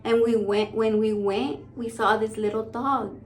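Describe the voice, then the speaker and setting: Woman vlogger, 30s, slightly high voice, blunt and profane storyteller. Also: fairly even intonation, measured pace. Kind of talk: casual storytelling to camera.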